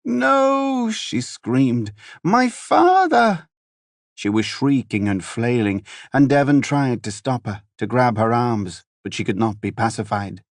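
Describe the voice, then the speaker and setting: A man's voice: steady tone, a little mellow, dry recording, natural voice. A man voicing a distraught young noblewoman who wails and shrieks in a dry audiobook read. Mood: frantic. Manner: frantic wailing, high and drawn-out.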